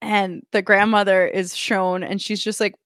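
A woman co-hosting a podcast in casual chat, telling lively anecdotes and acting out what people said. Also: medium pitch, unhurried, no echo, clean studio sound. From United States. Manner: animated storyteller, acts out quotes with laughs. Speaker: podcast co-host.

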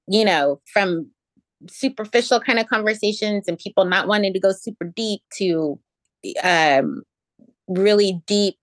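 A woman's voice: mid-range voice, no echo. A woman guest in an interview, telling stories in a reflective way with many fillers and restarts. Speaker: interview guest, education equity director. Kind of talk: conversational storytelling in an interview.

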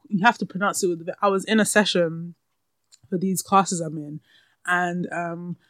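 A woman's voice: on the low side, no room sound. A young woman hosting her podcast, talking candidly and laughing often, close to the mic in a room at home. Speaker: podcast host. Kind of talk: casual solo podcast chat. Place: room at home with window open. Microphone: podcast microphone, close.

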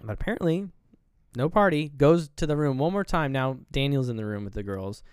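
A man chats through a movie's plot in a relaxed way, slipping into the characters' voices as he goes. His voice is smooth and clear, recorded close and dry with no room sound. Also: mid-range voice, a little fast, no room sound. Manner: retells scenes acting out characters' lines. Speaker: podcast co-host. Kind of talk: casual movie recap chat.

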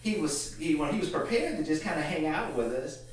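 A man's voice: on the high side, lively intonation, fairly quick. A middle-aged man, a guest, telling a story in laid-back casual chat. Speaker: guest, entrepreneur. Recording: very echoey room, mic far off.

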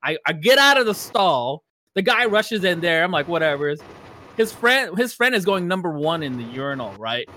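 A man casually telling a travel story on a podcast, animated and laughing as he talks. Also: high voice, normal speed. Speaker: podcast co-host.

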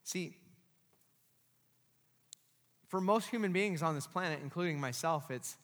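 A man's voice: a little high, animated, takes it slowly, long pauses, a bit bright. A man preaching a sermon as pastor, emphatic and often checking in with the congregation. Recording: long reverb of a large hall.

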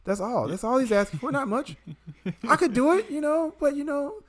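A man's voice: very high-pitched, expressive, moderate pace, voice pushed up. A man putting on a sarcastic voice of a smug, wealthy male free-market cheerleader. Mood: mocking smug. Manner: sarcastic, mocking. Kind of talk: satirical impression in podcast chat.

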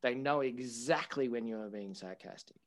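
An Australian man hosting a relaxed podcast interview in a mid-range voice. His humor is dry and sarcastic, and he laughs easily between questions. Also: medium pitch, normal speed. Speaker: podcast host. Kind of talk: casual interview.

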